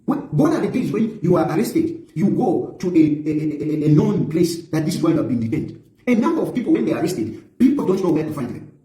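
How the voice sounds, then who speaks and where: A man's voice: a little high, big pitch swings, brisk, mellow, echoey room, rough recording. A middle-aged man giving an impassioned political address, emphatic and repetitive as he accuses and warns. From Zambia. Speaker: opposition politician.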